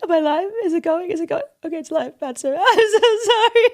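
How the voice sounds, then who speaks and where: A woman putting on the voice of a weepy young woman filming herself crying, with high, theatrical mock sobs broken by giggles. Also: animated, fairly quick, a little mellow. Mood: mock sobbing.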